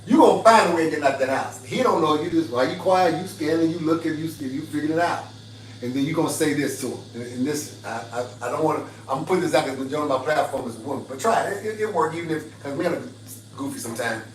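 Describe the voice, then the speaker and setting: A man hosts a livestream, talking in an emphatic, preachy way and repeating his points. His voice sits fairly high. He is heard from some distance in a roomy space with faint ambience behind him. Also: fast, slight background noise. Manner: emphatic, preachy, repetitive, laughing asides. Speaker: livestream host. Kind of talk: livestream advice talk.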